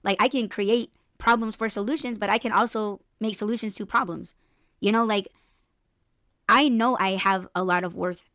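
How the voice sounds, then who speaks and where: A woman's voice: medium pitch, moderate pace, dry recording, studio quality. Blunt, profane woman podcast host. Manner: blunt, profane, animated storytelling with mock voices. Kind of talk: casual chat.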